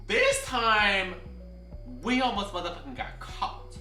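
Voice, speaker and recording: A man's voice: high voice, wildly swooping pitch, slow, pauses often. A young man telling a personal story in a casual storytime, sassy and dramatic, swearing freely. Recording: roomy, from a distance, faint music.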